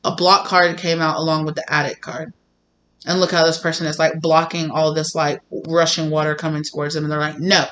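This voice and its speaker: A woman's voice: low-pitched, flat delivery, a little fast, fairly bright tone. A woman doing a casual tarot reading, chatty and full of fillers, often acting out quoted voices. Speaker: tarot reader.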